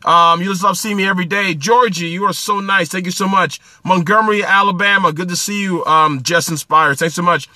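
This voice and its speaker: A man from New Jersey chats on a phone livestream in a somewhat high, very bright and sharp voice. He is upbeat and greets viewers one by one by name. Then he slips into coaching them. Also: fairly even intonation, brisk, few pauses, no room sound. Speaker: livestream host. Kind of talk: casual livestream chat.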